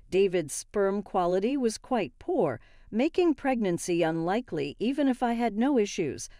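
A woman reading a first-person story aloud in an even, calm storytelling manner. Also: fairly low pitch, no echo, studio quality. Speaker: story narrator.

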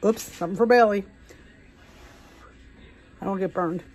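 Husky lady walking you thru a recipe, chatty and rambly, lots of little asides. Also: mid-range voice, unhurried, darkish tone, rough recording. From United States. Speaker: cooking vlog host. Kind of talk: casual cooking demonstration.

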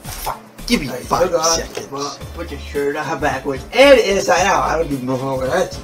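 A gaming YouTuber, a man, ranting and swearing constantly in a blooper vlog, often flying into shouting fits. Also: on the high side, moderate pace, loud music behind the voice.

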